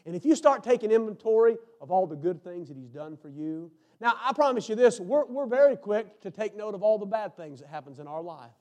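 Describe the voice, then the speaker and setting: Man, preacher, very high voice, fervent, hushed to shouting. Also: animated, fairly quick, few pauses. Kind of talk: sermon.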